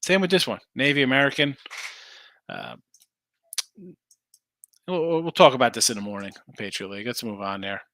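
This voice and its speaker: Bright dry-sounding guy going over bets, rambly and casual. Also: mid-range voice, very animated, normal speed, pauses often, no room sound. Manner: loose, rambling, answers chat comments. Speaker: sports betting podcast host. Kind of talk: casual betting picks talk.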